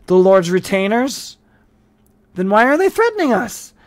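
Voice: mid-range voice, unhurried, no room sound, lightly acted. A reader playing a stiff, brash warrior girl. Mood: indignant. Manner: stiff, indignant. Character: brash young warrior girl, loves to fight.

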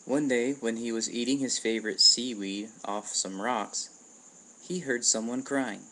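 A man reading a children's picture book aloud in plain, steady narration, recorded on a webcam. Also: mid-range voice, unhurried. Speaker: storybook reader.

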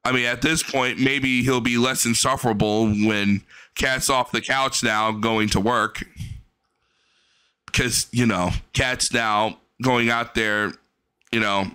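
A man talking through a reaction stream in a bright, crisp voice. He is casual and profane, and he mocks what he watches. He laughs often. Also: on the low side, steady tone, a little slow.

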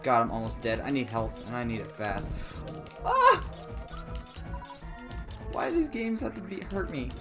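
Guy doing let's play commentary, freaks out a lot, goes squeaky and dramatic, game music faint behind. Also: fast, hardly any pauses. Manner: excitable, jumps into high squeaky exclamations; comically dramatic complaining.

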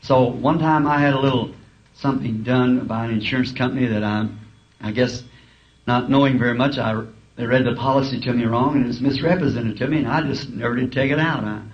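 A man's voice: medium pitch, fairly quick. A male preacher telling humorous, folksy stories in a sermon, chuckling as he talks. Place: school auditorium. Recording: dull lo-fi archive tape, faint hiss.

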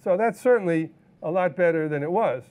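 A man teaching a live photo-editing software demonstration, explaining step by step in a relaxed way with fillers and self-corrections. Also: high-pitched, brisk. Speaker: photography instructor.

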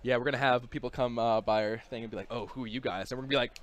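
A young man hosting a casual game studio livestream, joking and talking to the chat in an excitable way. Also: medium pitch, racing. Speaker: community host on a game studio stream.

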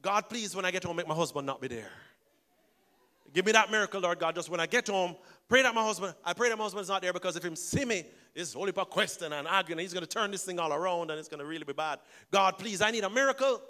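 A man's voice: high voice, fast talker, sharp tone. A preacher voicing an older wealthy woman who pleads earnestly as she tells her story in a sermon. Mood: pleading.

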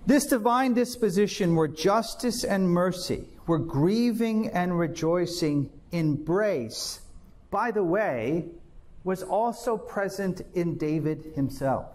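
High-voiced man preaching a sermon. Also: a little mellow. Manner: earnest preaching, dramatic scripture reading. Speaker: pastor.

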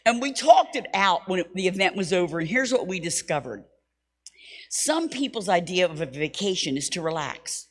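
A middle-aged woman teaching at a Bible school, telling a personal story in a lively, self-mocking sermon style. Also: mid-range voice, normal speed, husky. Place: church hall. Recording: long hall reverb.

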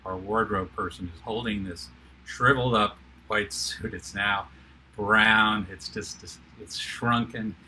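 Older male TV producer as guest; low-ish, very bright voice, lively storyteller. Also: a little slow, soft background music. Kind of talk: animated anecdotal storytelling.

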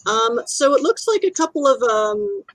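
A woman's voice: fairly high pitch, sing-song, normal speed, no room sound, low-quality recording. A woman narrating a tabletop role-playing game as game master, chatty and descriptive with many fillers.

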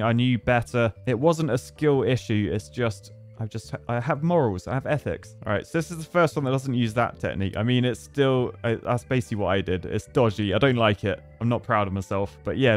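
Jokey man narrating gameplay. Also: mid-range voice. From Britain. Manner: jokey, chatty, thinks aloud, bursts into excited yelps. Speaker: gaming video host. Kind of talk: playful game commentary.

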